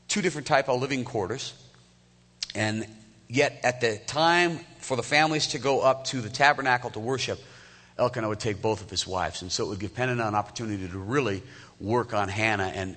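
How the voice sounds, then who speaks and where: A man in his fifties preaches a sermon as a pastor, talking in a conversational way and putting questions straight to the listeners. His voice is bright and forward. A long echo hangs behind him from a large hall. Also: fairly low pitch, fairly quick. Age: 50s. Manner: conversational, asks the congregation direct questions. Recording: echoey hall.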